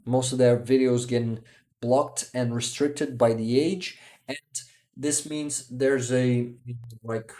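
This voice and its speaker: A tired man hosting a casual livestream and reading out viewer comments in a hesitant, halting way, often restarting and chuckling softly. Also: mid-range voice. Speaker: livestream host.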